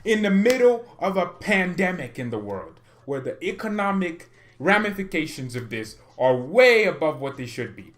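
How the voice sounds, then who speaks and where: A man's voice: sits high, sing-song, moderate pace, hardly any pauses, a bit bright. Exasperated man ranting to his chat. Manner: exasperated, ranting, laughs often. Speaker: fan channel host. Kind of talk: live-stream rant reading chat.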